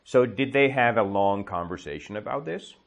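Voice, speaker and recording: A man teaching English, telling a story slowly to a class and checking their understanding with quick questions. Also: on the low side, lively intonation, vocal fry, dull audio. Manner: slow, exaggerated storytelling with comprehension checks. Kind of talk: storytelling lesson with questions to learners.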